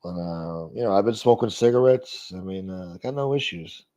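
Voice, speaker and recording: With a low, mellow, expressive voice at a normal speed, a middle-aged streamer reads his chat and responds in casual, profane conversation. It's captured in dull lo-fi audio.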